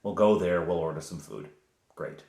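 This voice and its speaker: A man recounting a tabletop game session as game master, in an animated storytelling manner. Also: low-pitched, moderate pace, vocal fry. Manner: animated storytelling, chuckles often. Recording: roomy echo.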